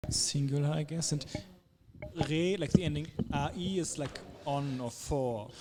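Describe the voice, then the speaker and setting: Hesitant man over crowd chatter. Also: on the high side. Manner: explains slowly and hesitantly, many likes. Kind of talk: casual bar chat.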